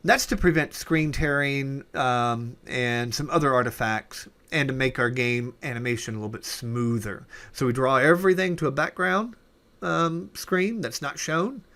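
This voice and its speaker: A man with an ordinary mid-pitched voice walks through his code in a loose, unscripted way. He trails off into quiet mutters, catches his own mistakes, and keeps on explaining while keys clatter under his talk. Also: normal speed, vocal fry. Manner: thinking aloud while typing, many fillers and self-corrections. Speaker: programming instructor. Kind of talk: casual coding tutorial.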